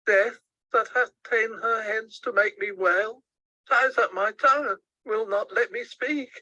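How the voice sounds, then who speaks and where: A man's voice: high-pitched, measured pace, sharp tone, no echo, dull audio, pitched above the performer's own voice, full character voice. A man voicing a stern noble father in grief in a play reading. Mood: grieving. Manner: stern, then grieving and solemn.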